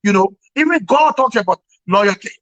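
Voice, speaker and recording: A man's voice: high-pitched, animated, normal speed, fairly bright tone. A man giving emphatic political commentary over a remote call, repeating words and laughing wryly. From Liberia. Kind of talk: opinionated commentary on a talk show. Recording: dull lo-fi call audio.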